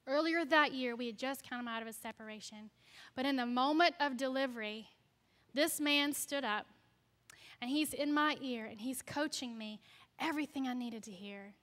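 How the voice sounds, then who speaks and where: A woman guest speaker giving a personal testimony in a church, telling her story in an animated way and acting out the voices of the people in it. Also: high-pitched, normal speed. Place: church sanctuary. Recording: long church hall reverb.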